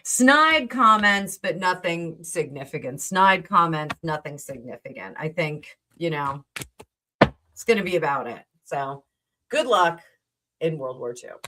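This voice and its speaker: Woman, low-pitched, from New Jersey, tarot reader, livestream host, rambling, chatty, filler-heavy. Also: lively intonation, unhurried, bright, forceful tone, rough recording. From New Jersey, USA. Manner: rambling, chatty, with many fillers and asides to viewers. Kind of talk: casual live tarot reading chat.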